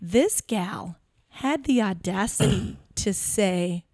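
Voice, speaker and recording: A young woman chats as a podcast co-host, playful and full of laughter. She winds herself up into mock-indignant rants. Her voice sits at an ordinary pitch, recorded close and dry. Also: slow pace, darkish tone, no room sound. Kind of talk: casual chat.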